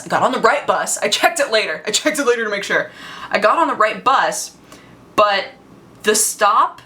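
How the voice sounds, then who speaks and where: A woman vlogger recounts a story in a loose, chatty way, full of fillers and quick laughs. Her voice has a bright, sharp edge. She keeps the telling casual and lively. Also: mid-range voice.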